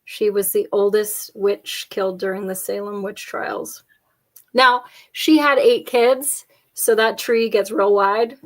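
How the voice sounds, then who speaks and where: A woman co-host in casual conversation, talking at an unhurried, drawn-out pace. She tells rambling, jokey anecdotes and laughs often, with an easygoing, playful delivery. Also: mid-range voice, fairly even intonation. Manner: chatty, jokey storyteller, frequent laughs. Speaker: podcast co-host. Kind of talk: casual chat.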